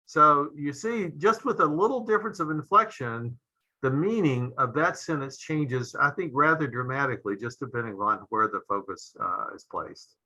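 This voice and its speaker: Middle-aged male physician lecturer, very bright tone, halting delivery full of fillers. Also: medium pitch, poor audio. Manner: measured, frequent "uh" fillers, trailing off at phrase ends. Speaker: pediatric intensivist lecturer. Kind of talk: medical lecture.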